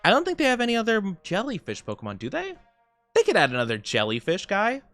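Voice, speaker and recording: A chatty male streamer with a smooth, clear voice that sits a little high and swings widely in pitch. He rambles with plenty of "like"s and quick laughs and gasps excitedly when greeting viewers. Faint game music plays underneath. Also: dry recording. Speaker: VTuber streamer reading chat. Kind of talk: casual livestream chat while gaming.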